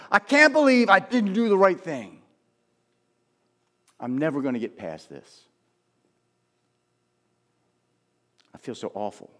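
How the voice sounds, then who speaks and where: A grieving, guilt-stricken Peter, as a preacher puts him on, his voice climbing high and swinging widely as he berates himself. He pleads in a raised, strained voice during a church sermon. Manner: anguished self-reproach, raised pleading voice. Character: remorseful apostle Peter, grown man, ashamed.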